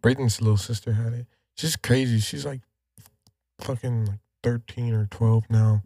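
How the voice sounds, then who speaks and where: A man's voice: medium pitch, fairly even intonation, moderate pace, warm tone, slightly rough, no echo, clean studio sound. A young man co-hosting a podcast, laid-back and easygoing in casual chat.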